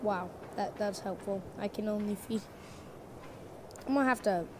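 A woman giving casual, playful commentary on her own gameplay, chatting to the animals in the game and jumping between loud bursts and quiet mutters. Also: medium pitch, normal speed. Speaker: gamer. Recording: loud background noise.

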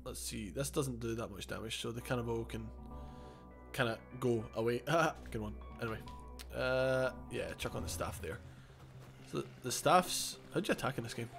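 A man's voice: mid-range voice, normal speed, vocal fry, fairly bright tone, faint music behind. Easygoing man rambling through a game. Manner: rambling, self-correcting, chuckles often. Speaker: gaming channel host. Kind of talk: casual let's-play commentary.

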